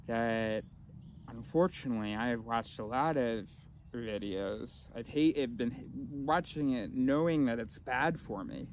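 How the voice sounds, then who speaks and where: A man vlogging in a rambling, philosophical monologue, often restarting his sentences and swinging between loud and mumbled. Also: medium pitch, lively intonation, unhurried, a little hiss or hum. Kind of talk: casual rambling monologue to camera.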